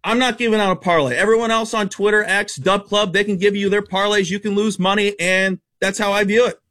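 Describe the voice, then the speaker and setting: A man working as a sports betting analyst, reeling off stats quickly and giving emphatic, opinionated takes in casual radio talk. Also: high-pitched, fairly even intonation, a bit bright. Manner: rapid-fire stat-heavy, emphatic and opinionated.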